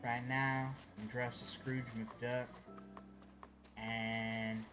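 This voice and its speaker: Guy live streaming a game, rambly chatty talk, bit of music quietly behind him. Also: medium pitch, flat delivery, very slow. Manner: chatty and rambling, greets viewers by name. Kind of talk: casual live-stream chat while gaming.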